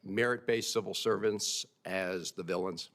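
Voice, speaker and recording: Man, senator, hearing questioning, low voice, pressing tone. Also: steady tone, unhurried, a bit bright. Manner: pointed, pressing.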